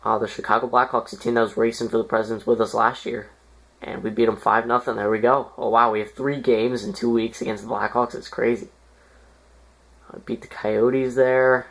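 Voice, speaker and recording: A man's voice: mid-range voice, little pitch movement, brisk, gravelly, a bit bright. A man giving casual, rambling commentary over a hockey management game, with lots of fillers and sudden exasperated outbursts. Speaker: gaming YouTuber.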